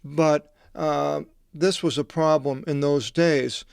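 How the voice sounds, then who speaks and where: Man reading scripture, crisp and dry. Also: on the high side, steady tone, a little mellow, no room sound. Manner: meandering, digressive, halting asides. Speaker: Bible translator teaching.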